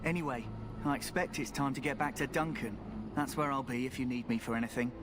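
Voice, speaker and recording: Daveth, ein Mann spricht einen frechen jungen Rekruten. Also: male voice, medium pitch, steady tone, quick pace, lightly acted. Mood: cocky. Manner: cocky, joking, conspiratorial. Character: cheeky young male recruit, a sly thief.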